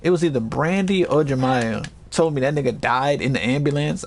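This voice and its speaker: Soft music plays in the background while a man with a creaky voice talks a little fast, casually telling his chat a story. He's animated and profane, and he performs others' voices as high yells.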